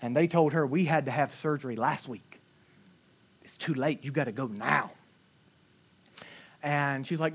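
A male pastor preaching a sermon, telling personal stories with lively delivery, acting out quotes and swinging from loud to quiet. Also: fairly high pitch, moderate pace, long pauses. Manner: animated storytelling, acting out quotes with big swings in loudness.

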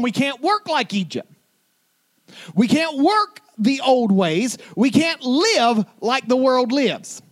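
A man's voice: extremely high pitch, fairly bright tone. A man preaching a sermon as a pastor, retelling stories with building intensity.

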